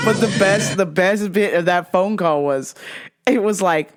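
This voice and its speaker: A woman's voice: mid-range voice, noisy background. A woman host talking casually and bluntly to her audience, swearing freely and laughing at a caller. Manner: slow, animated delivery. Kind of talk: casual vlog monologue.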